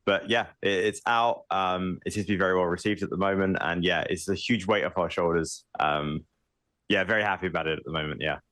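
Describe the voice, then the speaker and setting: A man's voice: low voice, steady tone, brisk, a bit bright, dry recording. A man, a game developer, answering interview questions in a relieved way with frequent fillers.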